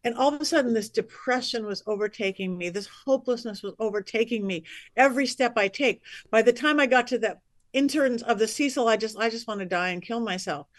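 A woman with a somewhat high voice tells stories as a psychic medium guest. She is lively and chatty, slipping into the voices of the people she quotes. The sound is dry and close, with no room echo. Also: a little fast. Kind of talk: animated storytelling on a podcast.

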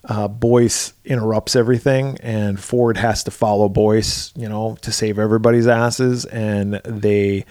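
A man's voice: fairly low pitch, little pitch movement, a little slow, hardly any pauses, darkish tone, dry recording, clean studio sound. A man co-hosting a podcast, casually retelling a film's plot with lots of fillers and swearing. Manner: loose, profane, recaps plot with filler words. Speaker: podcast co-host. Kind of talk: casual movie-recap chat.

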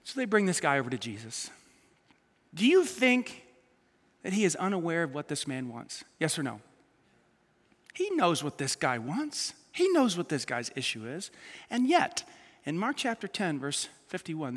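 A male pastor preaching an animated, emphatic sermon to a congregation, acting out the people he quotes. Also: on the high side, moderate pace, slightly rough, in a large hall. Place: church auditorium with a live congregation.

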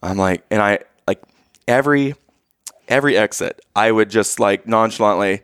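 A man in his thirties telling a family vacation story in casual chat, animated and acting out the voices of the people in it. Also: fairly low pitch, normal speed, smooth, dry recording, studio quality.

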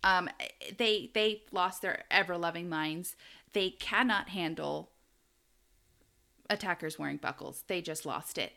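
An American woman with a bright, clear-edged voice co-hosts a relaxed true-crime podcast. She tells the story in a chatty way and breaks into laughter often. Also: lowish voice, measured pace. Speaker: podcast co-host.

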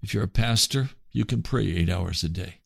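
A man's voice: low voice, moderate pace, vocal fry, breathy edge, no room sound. A man preaching on his radio broadcast, earnest and pleading, often repeating phrases. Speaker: radio pastor. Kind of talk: radio sermon.

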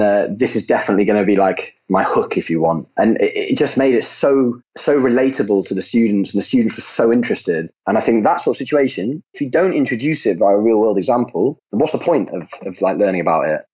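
A man's voice: medium pitch, dark tone, breathy edge. A man, a maths teacher, chatting casually in an interview and telling classroom stories. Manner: chatty, lots of "like", acts out classroom quotes. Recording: muffled lo-fi audio.

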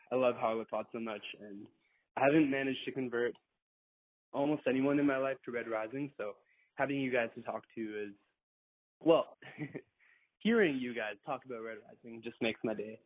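A man's voice: medium pitch, normal speed, long pauses. Male caller, earnest and rambling, phone-line voicemail sound. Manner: earnest, rambling, lots of fillers.

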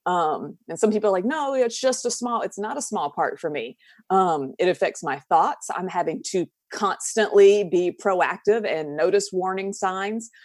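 A woman's voice: fairly low pitch, moderate pace, a little mellow, dry recording, clean studio sound. A woman from the southern United States with a Southern accent, a podcast guest talking casually and candidly, laughing often and trailing off into fillers.

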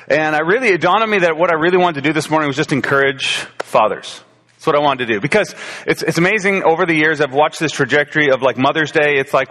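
A man's voice: medium pitch, fairly bright tone. Forties guy preaching, chatty and self-deprecating, lots of uh and restarts, echoey church hall. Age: 40s. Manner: conversational, self-deprecating, frequent fillers and restarts. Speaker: pastor. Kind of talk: sermon. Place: church sanctuary.

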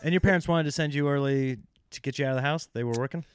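A man hosting a casual interview, easygoing and quick to laugh, tossing in joking asides. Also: fairly high pitch, clear, resonant tone, no room sound, studio quality. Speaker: podcast host, interviewer.

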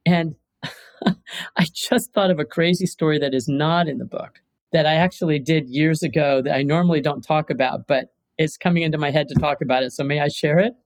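A middle-aged woman, a mediator and author, telling stories in a lively, playful conversation with rhetorical questions. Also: low-pitched, normal speed, no echo. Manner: animated, playful, emphatic, asks rhetorical questions. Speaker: mediator and author, podcast guest.

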